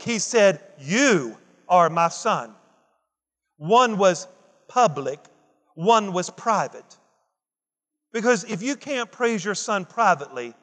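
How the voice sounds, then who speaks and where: A man's voice: high voice, a bit bright, big-room sound. A man preaching a Father's Day sermon, emphatic and repetitive, building intensity as he quotes scripture. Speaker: pastor.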